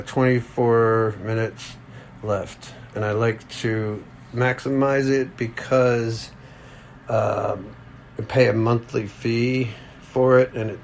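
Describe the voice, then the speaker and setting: Dude with a creaky voice just rambling on his podcast, jokey, wandering off topic. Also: mid-range voice, slight background noise. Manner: joking, wandering, self-mocking. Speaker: podcast host. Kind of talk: casual rambling monologue.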